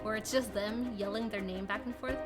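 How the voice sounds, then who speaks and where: A woman streaming a horror game, reading the dialogue aloud and reacting dramatically. She swings between hushed whispers and sudden yelps. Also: medium pitch, steady tone, fairly quick, music in the background.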